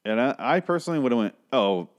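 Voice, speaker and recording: A man's voice: on the low side, lively intonation, moderate pace, darkish tone. A man ranting casually about an old TV episode, exasperated and profane, rambling with lots of asides.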